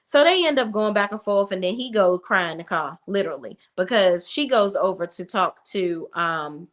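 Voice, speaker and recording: A woman's voice: medium pitch, lively intonation, normal speed. A woman hosting a casual TV recap vlog, blunt, profane and opinionated, acting out the characters' lines. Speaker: reality TV recap host.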